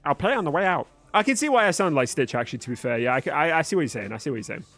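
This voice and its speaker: A man's voice: medium pitch, sing-song, very fast, a bit bright, faint music behind. A young man chatting live with his viewers while gaming, joking and swearing freely. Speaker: livestreamer. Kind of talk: live gaming stream chat.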